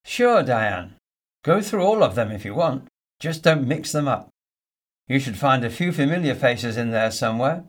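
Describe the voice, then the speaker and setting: A man performing scripted everyday dialogue for a listening exercise, in a relaxed, friendly manner. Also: mid-range voice, moderate pace.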